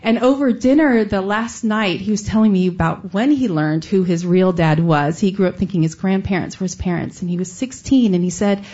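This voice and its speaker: A woman from Texas tells a personal story to listeners, earnest and conversational, with her voice sitting at an everyday middle pitch. The recording is a little dull and lo-fi. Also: brisk, few pauses, warm tone. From Austin, Texas, USA. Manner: earnest, conversational, with bursts of laughter.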